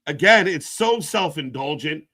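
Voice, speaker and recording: A man hosting a live wrestling watch-along stream, talking in casual, sarcastic and profane commentary, jumping between shouts and low mutters. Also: expressive, a little slow.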